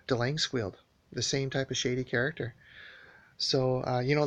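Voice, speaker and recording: A man's voice: medium pitch, sharp tone. A man telling a long story in a casual spoken monologue, rambling and aggrieved, with many restarts and fillers.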